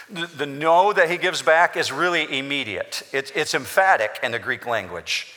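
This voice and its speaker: A man's voice: on the high side, normal speed, few pauses, sharp tone. A man preaching a sermon as pastor, explaining scripture in an emphatic, repetitive way in a church. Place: church sanctuary. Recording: long hall reverb.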